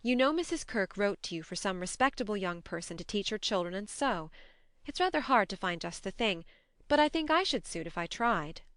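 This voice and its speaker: Brief: spirited, impulsive young woman read by a woman, smooth and close, audiobook. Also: medium pitch, dry recording, close to an everyday voice. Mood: earnest. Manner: brisk, lively, impulsive. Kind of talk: audiobook narration.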